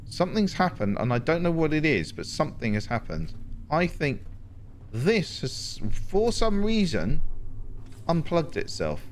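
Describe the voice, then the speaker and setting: A man, chatting to himself and his viewers while playing a game, with animated exclamations. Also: a little high, a little slow, slight background noise. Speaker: game streamer. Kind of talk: casual gameplay commentary.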